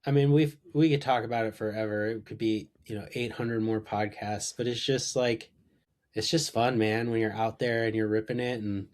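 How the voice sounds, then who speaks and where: A man's voice: on the low side, fairly even intonation, normal speed, darkish tone. Enthusiastic man in his thirties, rambling. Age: 30s. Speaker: podcast guest. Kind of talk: casual chat.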